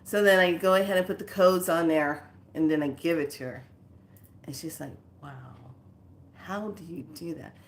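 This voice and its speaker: A woman's voice: on the low side, fairly quick, a little hiss or hum. A woman hosting her own spiritual channel, telling a story casually and acting out both sides of the conversation. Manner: animated, acts out both sides of a conversation with laughs. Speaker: spiritual teacher and channel host.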